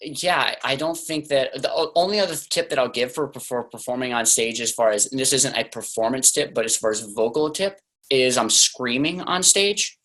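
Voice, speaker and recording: A man's voice: mid-range voice, moderate pace, fairly bright tone, poor audio. A young man talking casually as an interview guest, loose and chatty with lots of "like" fillers.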